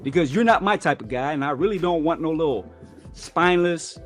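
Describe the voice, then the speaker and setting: A man's voice: fairly high pitch, lively intonation, brisk, faint music behind. A man hosting a talk show, ranting bluntly and swearing often. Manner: blunt, profane, confrontational. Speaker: show host. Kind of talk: casual profane talk show rant.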